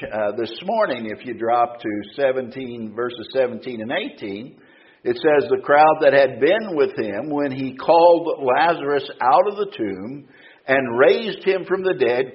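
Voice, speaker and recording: A man preaching an expository sermon, reading scripture slowly and stressing key words. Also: medium pitch, lively intonation, muffled recording. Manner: slow, deliberate, emphatic scripture reading.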